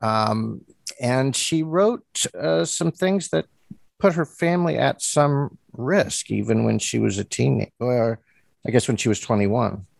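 A man hosting an interview, asking questions haltingly with stammers and ums. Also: mid-range voice, gravelly, dry recording. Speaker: podcast host interviewing an author.

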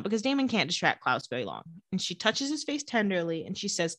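Animated woman retelling TV scenes. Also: medium pitch, quick pace, no echo. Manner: animated retelling, acting out lines with playful voices. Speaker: podcast co-host recapping a TV show. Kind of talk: casual chat.

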